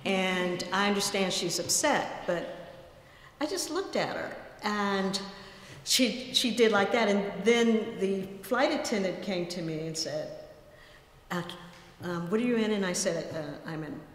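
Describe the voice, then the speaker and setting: A woman's voice: mid-range voice, unhurried, a little hiss or hum. A woman giving a conversational academic talk at a colloquium, telling stories with asides. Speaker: guest lecturer. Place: lecture hall. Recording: echoey lecture hall.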